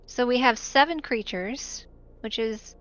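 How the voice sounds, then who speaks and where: Slow, bright-voiced woman explaining a card game. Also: a little high, dull audio. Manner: patient, explanatory, laughs often. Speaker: guest co-host explaining the game. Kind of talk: casual game stream chat.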